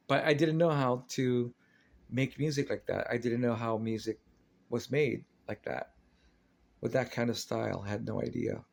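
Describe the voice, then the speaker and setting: A man's voice: medium pitch, creaky, darkish tone. A man telling a personal story in a casual, rambling, earnest way, often restarting his sentences.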